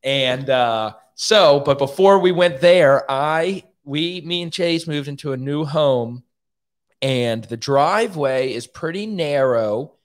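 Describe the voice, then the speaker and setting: A man's voice: a little high, slow. A man hosting a podcast, telling a story in a casual, profane and self-mocking way. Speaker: podcast host.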